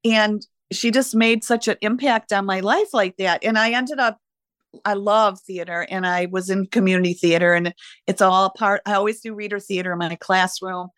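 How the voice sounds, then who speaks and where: A woman's voice: medium pitch, steady tone, normal speed, clean tone, no room sound. Older lady, retired teacher, gets choked up and laughs a lot, very dry sound. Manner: warm, emotional, laughs easily. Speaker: retired teacher, podcast guest. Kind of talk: reflective interview conversation.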